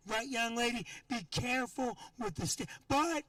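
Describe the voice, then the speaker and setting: Brash, profane stand-up comic man, high voice. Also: fairly quick, few pauses, fairly bright tone, dry recording, distant mic. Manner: brash, profane, teasing the audience. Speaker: stand-up comedian. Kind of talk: stand-up set with crowd work. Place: comedy club.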